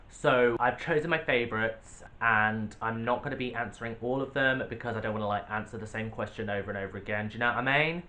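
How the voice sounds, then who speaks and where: Man, young adult, casual Q&A vlog, sassy, playful, bright tone, mid pitch. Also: a little hiss or hum. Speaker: drag artist and YouTuber. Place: home, sitting on a sofa.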